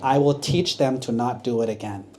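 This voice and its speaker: A monk voicing a calm, fair teacher in a children's story, speaking plainly. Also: male voice, mid-range voice, normal speed, background noise, lightly acted.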